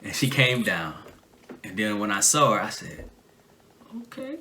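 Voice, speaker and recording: A Southern American man in his thirties, co-hosting a podcast and telling a story casually with lively, acted-out quotes. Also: moderate pace, a little hiss or hum. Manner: animated, acts out quotes in a much higher voice. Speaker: podcast co-host.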